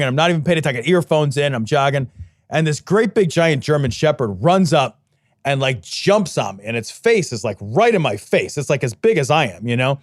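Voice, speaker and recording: A man co-hosting a comedy podcast, telling animated stories with plenty of swearing and laughter. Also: medium pitch, dry recording, studio quality. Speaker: podcast co-host. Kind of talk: casual comedic chat.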